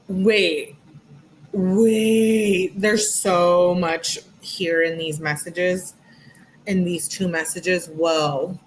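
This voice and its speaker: A woman's voice: fairly low pitch, steady tone, drawn-out words, slight background noise, poor audio. A woman giving casual, earnest true crime commentary, talking in a chatty way with lots of "like". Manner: chatty, heavy use of "like"; earnest, emphatic. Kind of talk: casual commentary while reading texts.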